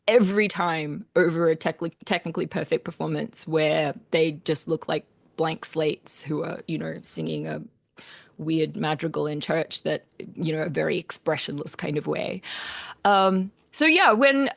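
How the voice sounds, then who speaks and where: A woman's voice: on the low side, gravelly, no echo. A woman in her forties with an Australian accent, a composer giving a casual talk to a choir, telling stories with lots of laughs and fillers. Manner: animated storytelling with frequent laughs and fillers.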